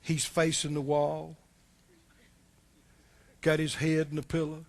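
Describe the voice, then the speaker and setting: A male pastor preaching a sermon, animated and full of rhetorical questions. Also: a little high, slow, gravelly, long pauses.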